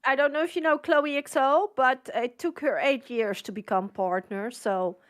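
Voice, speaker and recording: A woman's voice: high-pitched, normal speed. A woman co-hosting a casual live-stream podcast, bubbly and encouraging. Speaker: podcast co-host.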